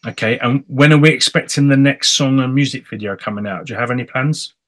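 An English man hosts a relaxed chat show in a middle-pitched voice. He talks in a chatty, animated way and tosses in playful asides. He sounds easygoing and at home with his guest. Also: fast talker. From England. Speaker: host. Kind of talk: casual chat.

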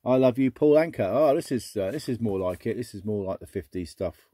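A middle-aged man chatting casually as he sorts through a box of old records, muttering asides and breaking into excited exclamations. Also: lowish voice, brisk, no room sound. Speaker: record collector vlogger. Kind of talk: casual unboxing chat.

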